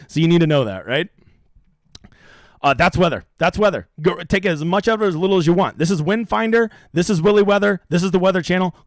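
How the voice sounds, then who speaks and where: A man's voice: high-pitched, no room sound, studio quality. A brash young man hosting a profane, rambling live stream about fantasy golf strategy.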